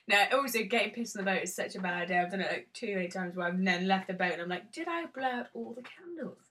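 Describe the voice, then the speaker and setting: Giggly bright-toned woman. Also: fairly low pitch, flat delivery, rapid-fire. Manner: giggly, self-deprecating storytelling. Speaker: guest. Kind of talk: casual chat.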